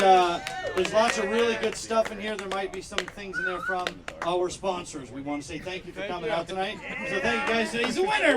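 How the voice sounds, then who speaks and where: A man hosting a live outdoor comedy show, upbeat and filling pauses with "uh" as he works the audience. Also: high voice. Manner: upbeat, many "uh" fillers. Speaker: show host. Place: outdoor backyard patio show. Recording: loud crowd noise outdoors.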